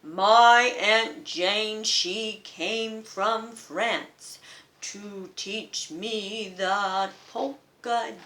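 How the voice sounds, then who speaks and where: A woman putting on a slow, lumbering elephant. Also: mid-range voice, a bit bright, reverberant. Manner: slow, drawn-out chanting.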